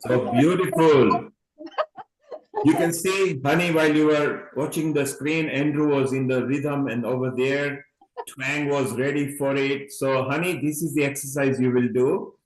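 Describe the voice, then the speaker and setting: A man's voice: medium pitch, steady tone, a little slow, roomy sound, a little hiss or hum, low-quality recording. A man hosting an online event in a chatty way, calling people honey and urging everyone on over a video call. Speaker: event host. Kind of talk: casual online event talk.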